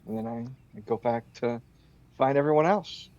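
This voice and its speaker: A man with a mid-pitched voice plays his character in a tabletop game. He talks in a halting, stammering way, and his mic sounds dull and lo-fi. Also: big pitch swings, vocal fry, a little mellow. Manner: hesitant, stammering. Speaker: player.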